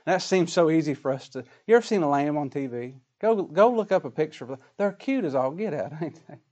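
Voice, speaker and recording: A man preaching a folksy, dramatic sermon, dropping quiet and then rising loud. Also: fairly high pitch, animated, fast talker.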